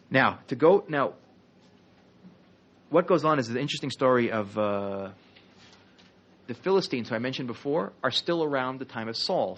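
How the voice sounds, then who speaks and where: A man teaching a history class as a rabbi, telling the story in a lively, conversational way with jokey asides. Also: mid-range voice.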